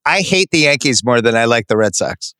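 A man hosting a sports podcast, bantering casually and ranting with animated, self-interrupting energy. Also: medium pitch, a little fast, clean tone, dry recording, clean studio sound.

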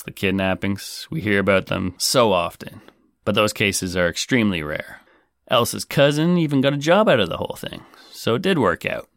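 Deep, smooth-voiced male podcast host. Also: a bit bright, no room sound, clean studio sound. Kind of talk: casual podcast commentary.

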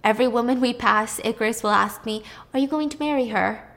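A woman's voice: on the high side, quick pace, a bit bright. A woman voicing a weary, devoted craftsman father who speaks earnestly and confidingly.

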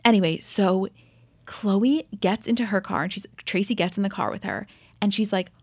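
A woman's voice: mid-range voice, normal speed, a little mellow, dry recording. A young woman co-hosting a podcast, animatedly recapping a reality show episode in casual chat and acting out quotes with plenty of swearing. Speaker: podcast co-host.

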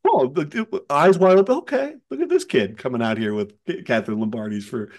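Man, podcast host, casual sports chat, animated storyteller, swooping pitch. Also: fairly quick, few pauses. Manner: animated storyteller, acts out quotes in a high voice.

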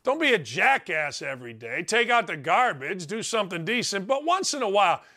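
Middle-aged American host, high bright voice with big swings, blunt and folksy, rambling asides. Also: male voice, big pitch swings, brisk. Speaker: sports radio host. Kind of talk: animated monologue giving advice.

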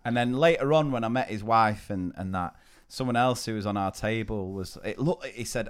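Chatty male podcast co-host, smooth voice. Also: lowish voice, a little fast, hardly any pauses. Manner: storytelling, chatty, laughs often. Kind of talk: casual chat.

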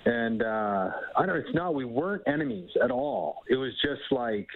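Canadian man in his thirties, phone-line guest, animated storyteller. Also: mid-range voice, normal speed, vocal fry. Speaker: guest, hockey scout. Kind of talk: phone-in interview, casual storytelling.

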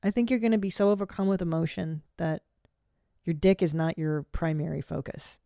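A woman's voice: fairly low pitch, brisk, creaky, dry recording, clean studio sound. Blunt, profane woman podcast host. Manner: blunt, profane, animated storytelling. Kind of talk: casual chat.

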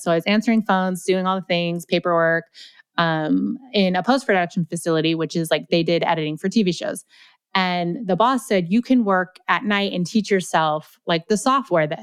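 Smooth-voiced woman, chatty storyteller. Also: lowish voice, dry recording. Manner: chatty, animated, heavy use of "like". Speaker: podcast guest. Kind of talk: casual storytelling interview.

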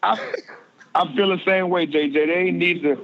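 A man's voice: sits high, normal speed, dull audio, a loud crowd. A man in his forties, a former pro football player, talking as a podcast guest and often repeating words as he searches for them. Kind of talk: casual podcast interview.

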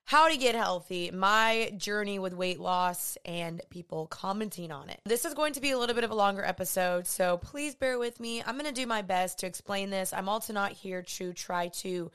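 A woman's voice: medium pitch, a bit bright, clean tone. A woman, hosting a podcast in a chatty, earnest way. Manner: chatty, earnest, uses y'all and like. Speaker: podcast host. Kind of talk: casual podcast talk.

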